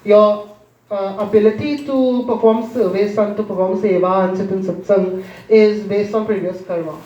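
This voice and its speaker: A man's voice: high-pitched, steady tone, normal speed, a little mellow. A man teaching a religious story as a sermon, often questioning his listeners and chanting verses. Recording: distant, roomy, dull lo-fi.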